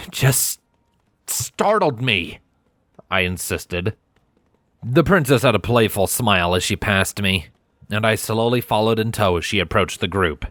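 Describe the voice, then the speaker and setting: A man narrating a fanfiction audiobook in the first person, with a measured storytelling delivery. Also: on the low side, a bit bright, no room sound, studio quality.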